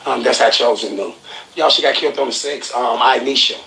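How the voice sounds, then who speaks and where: A man hosting a podcast, telling a story in an animated, profane way and acting out the people he quotes. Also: medium pitch, fairly quick, gravelly. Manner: excitable, profane, acts out quotes. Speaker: podcast host. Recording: roomy echoey room, faint noise.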